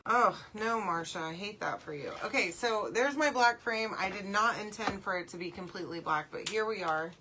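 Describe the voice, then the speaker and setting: A woman, hosting a live crafting demo and chatting along as she works, often checking in with a quick "okay?". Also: medium pitch, background noise. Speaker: craft livestream host.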